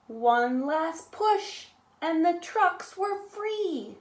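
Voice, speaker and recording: Slow, lively woman reading a storybook. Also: extremely high pitch, roomy sound. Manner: animated, with sound effects and call-and-response. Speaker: storytime reader. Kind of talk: reading a picture book aloud to children.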